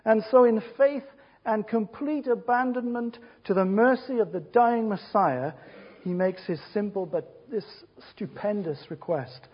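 A man with a high, husky voice delivers a sermon in short, emphatic phrases, pausing between each one. His rhetorical questions rise and fall. The recording is dull and lo-fi. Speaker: preacher.

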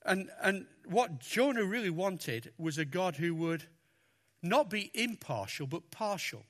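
A man preaching a sermon, talking through a Bible passage with lots of expression and acting out the lines he quotes. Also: measured pace. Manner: expressive, animated, acts out quotes with raised pitch.

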